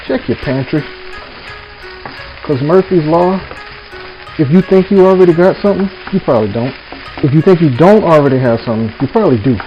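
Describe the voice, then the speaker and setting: A man hosting a casual home cooking vlog, talking folksy and easy to his viewers. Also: a little high. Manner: folksy, keeps addressing viewers as "y'all". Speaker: home cook, channel host. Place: home kitchen. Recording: dull lo-fi audio with music bed. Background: background music and sizzling pan.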